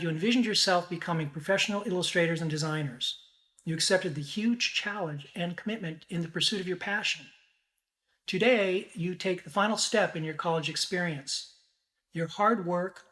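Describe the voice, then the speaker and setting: A man's voice: high-pitched, fairly bright tone. A man on the illustration faculty giving a formal, recorded commencement address and reading out the graduates' names and honors.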